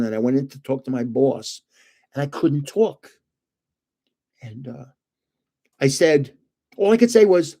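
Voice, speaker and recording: An older man chats to his viewers in a rambling, easygoing way, full of fillers, false starts and little chuckles. His voice sits a touch higher than most men's. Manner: rambling, talkative, frequent uh fillers and restarts. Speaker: card collecting channel host. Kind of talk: casual chat to viewers.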